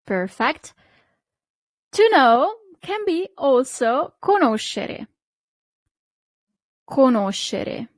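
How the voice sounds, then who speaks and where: A woman's voice: high voice, no room sound. A woman teaching a language lesson, patiently repeating each word and checking in with the listener. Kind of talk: slow, clear language lesson.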